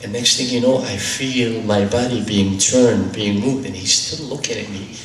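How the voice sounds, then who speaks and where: A man's voice: fairly low pitch, normal speed, a little hiss or hum. A man giving a dramatic storytelling sermon, narrating in the first person and reciting Arabic supplications with mounting intensity. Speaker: lecturer. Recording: roomy hall, distant mic, faint ambience.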